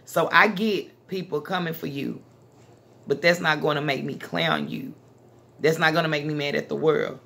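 A woman's voice: sits low, steady tone, moderate pace, vocal fry, fairly bright tone, husky. A woman from Dallas, hosting a casual talk conversation in a blunt, emphatic manner. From Dallas, Texas. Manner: blunt, emphatic, street-talking. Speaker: channel host.

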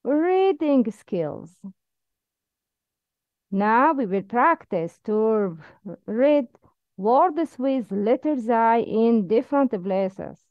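Slow, careful woman teacher. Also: fairly high pitch, animated, dry recording, muffled recording. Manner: slow, careful drilling with repeated prompts. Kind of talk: Arabic letter pronunciation lesson.

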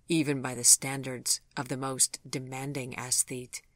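An audiobook reader voicing Gregory, a refined gentleman who speaks softly and tenderly, close to the narrating voice. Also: mid-range voice, level tone, measured pace, no echo, lightly acted. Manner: soft, tender and courtly.

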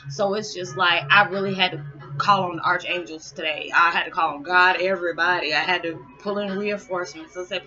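A woman's voice: lowish voice, steady tone, a little fast. A middle-aged woman, chatting casually to camera at home, rambling and correcting herself and laughing often. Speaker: spiritual vlogger. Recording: dull lo-fi sound with loud music behind. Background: meditation music playing.

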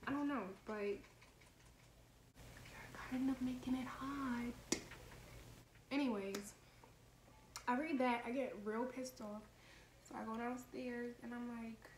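A woman's voice: fairly high pitch, fairly even intonation, slow, pauses often, a little mellow. A woman in her twenties telling a heated, profane story in a casual vlog. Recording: echoey room, faint background noise.

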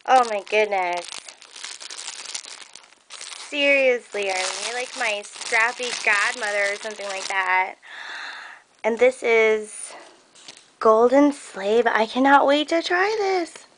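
A woman chatting excitedly as she unboxes craft gifts, gasping and gushing, with lots of "like" and "oh my God". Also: fairly high pitch, slow pace, long pauses, slight background noise, poor audio. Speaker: crafting vlogger. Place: crafting room at home.

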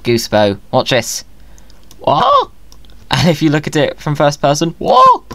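A man's voice: fairly high pitch, normal speed, dry recording. A man giving playful, jokey commentary over his own gameplay, often talking to himself. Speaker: Minecraft video creator.

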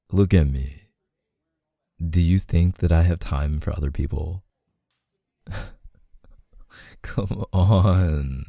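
A young man playing a teasing, apologetic boyfriend in a soft-spoken role-play, laughing often. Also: low voice, creaky, dry recording, studio quality.

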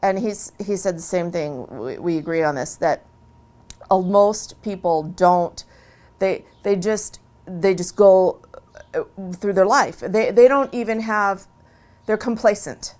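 A woman with a middle-pitched voice speaks in an interview, earnest and animated. She talks casually, circling back and restarting her phrases as she makes her point. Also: takes it slowly. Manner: conversational, often restarting phrases. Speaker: interviewee, religious convert. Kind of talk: long-form interview, casual personal talk.

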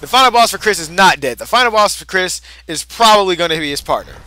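A man's voice: high voice, animated, quick pace, sharp tone. A young man giving casual, frustrated gameplay commentary, swearing and cheering himself on. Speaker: gamer.

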